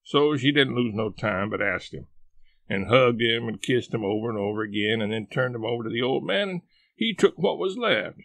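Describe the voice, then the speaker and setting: Man reading an old-timey story in dialect, bouncy pitch, gravelly, dry close sound. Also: expressive, normal speed, a bit bright, dry recording. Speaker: audiobook reader. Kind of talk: scripted narration of a novel.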